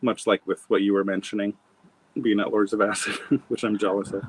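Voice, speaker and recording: A brisk, flat-toned guest author from Montana, middle-aged with a lowish voice, tells his story in a conversational interview. He meanders reflectively, restarting often and leaning on fillers. The low-quality recording carries slight background noise.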